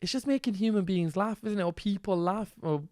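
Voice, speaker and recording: A man with a Northern English accent, a guest on a podcast, talking in a lively way and acting out quotes as he tells stories. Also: high voice, dry recording, clean studio sound. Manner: animated, quick storytelling with acted quotes. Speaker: guest, content creator and teacher. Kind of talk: casual podcast interview.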